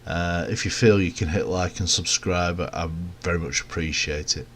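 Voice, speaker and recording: A man giving casual, rambling commentary over a recorded game, with relaxed, self-mocking asides. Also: sits low, moderate pace, a little hiss or hum. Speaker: gameplay commentator.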